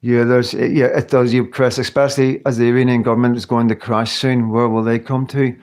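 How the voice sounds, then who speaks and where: This middle-aged UK livestream host has a medium-pitched, darkish voice with flat, brisk delivery. He still talks earnestly and emotionally to his viewers, rambling and restarting his sentences often.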